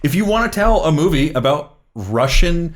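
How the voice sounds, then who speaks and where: A man's voice: on the high side, very animated, normal speed. A young man co-hosting a casual movie review podcast, stammering through restarts and trailing off. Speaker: podcast co-host.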